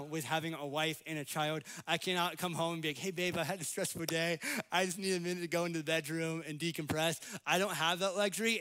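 A man's voice: fairly high pitch, a bit bright. A man in his late twenties preaching a conversational sermon in church, with self-deprecating humor and frequent restarts. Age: 20s. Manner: frequent restarts and repeated words.

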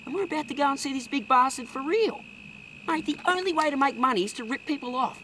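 A woman's voice: sits high, lively intonation, fast talker, fairly bright tone, a little hiss or hum. A woman doing a ranting bogan bloke, Kane. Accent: Australian. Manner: bossy, ranting and crude. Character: loud brash male bogan junk seller. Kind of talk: low-budget comedy film acting.

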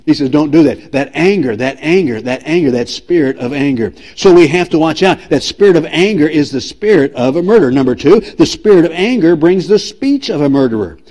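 A man's voice: a little high, expressive, fairly quick, few pauses, dark tone. A man preaching a sermon as pastor, emphatic and repetitive, asking the congregation direct questions. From United States.

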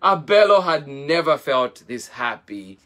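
A man reading a children's picture book aloud, taking his time over each phrase. His voice is bright and lively, rising and falling expressively to keep young listeners hooked. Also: fairly high pitch. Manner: slow, expressive read-aloud. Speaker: storyteller.

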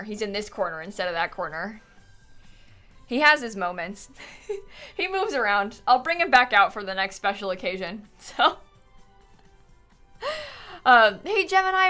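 A woman's voice: medium pitch, sharp tone. A woman hosting a casual live game stream from home, chatty and rambling with many fillers, thanking her viewers as she goes. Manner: reads out and thanks chat viewers.

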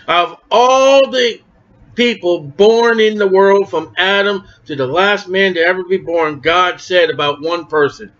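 High-voiced man preaching in lively Bible study. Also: moderate pace. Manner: animated and conversational, acting out quoted speakers. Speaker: Bible teacher. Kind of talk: verse-by-verse Bible study sermon. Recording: dull lo-fi recording.

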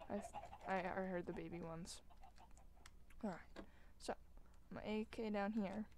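A woman hosting a gaming video, chatting casually as she plays. She mocks herself and breaks into loud, excited exclamations. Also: medium pitch, normal speed, a little hiss or hum. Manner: excitable, self-mocking, bursts into loud exclamations. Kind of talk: casual gameplay commentary. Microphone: desk microphone while gaming.

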